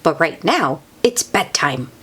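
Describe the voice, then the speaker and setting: Woman doing a calm storybook mummy pig, firm, sensible, lively pitch. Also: takes it slowly, breathy edge, full character voice.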